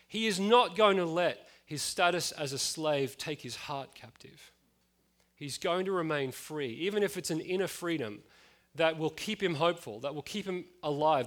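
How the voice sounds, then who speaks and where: Chatty man preaching, higher voice. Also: fairly bright tone. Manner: casual, chatty, with frequent fillers and asides. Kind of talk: conversational sermon.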